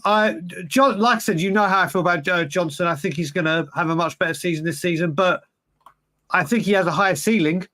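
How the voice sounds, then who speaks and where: Guy, highish voice, rambling football opinions, lots of "mate". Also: brisk, pushed and bright. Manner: rambling, restarts, emphatic opinions. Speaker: podcast co-host. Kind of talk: casual football chat.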